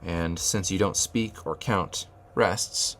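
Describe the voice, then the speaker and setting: A man's voice: sits low, takes it slowly, a bit bright, a little hiss or hum. A man teaching rhythm at a whiteboard, thinking aloud with fillers and restarts and chanting rhythm syllables. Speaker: music teacher.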